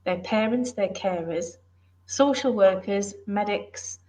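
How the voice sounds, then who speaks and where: A woman's voice: medium pitch, slow, warm tone. A middle-aged woman from the UK, a former police officer and author, talking in an earnest, emphatic, plain-spoken way in a casual interview.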